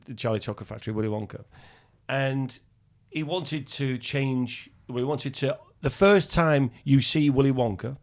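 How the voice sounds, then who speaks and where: A middle-aged man spinning anecdotes on a casual podcast. His voice sits at an ordinary middle pitch, and he grows loud and quick when the story excites him. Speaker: podcast co-host.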